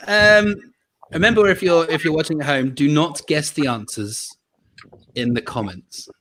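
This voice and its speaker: A man's voice: a little high, moderate pace, noisy background. A man hosting a casual online quiz, chatty and laughing often. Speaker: quiz host.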